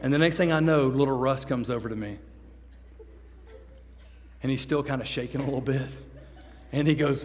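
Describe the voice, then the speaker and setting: A man preaching a story-driven sermon as a youth pastor, acting out voices and swinging from hushed to loud. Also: mid-range voice, moderate pace, long pauses, noisy background. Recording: long echo of a large hall.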